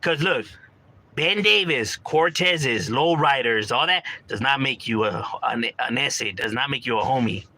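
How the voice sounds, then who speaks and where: A man's voice: medium pitch, unhurried, pushed and bright, rough recording. A man talking casually in a monologue, full of street slang and "you know, bro," acting out quotes from friends. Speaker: commentator talking about gang culture.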